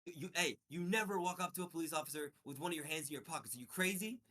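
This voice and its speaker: A man voicing a jumpy police officer who scolds him, in a slightly higher, louder voice. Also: fast talker. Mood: alarmed scolding. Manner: alarmed, scolding.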